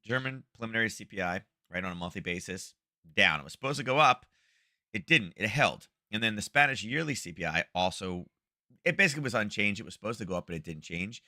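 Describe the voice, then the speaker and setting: Low, dry-voiced man rambling about markets. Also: animated, quick pace, pushed and bright, no room sound. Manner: rambling, chatty, many fillers and restarts. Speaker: trading show host. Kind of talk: casual live market commentary. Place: home.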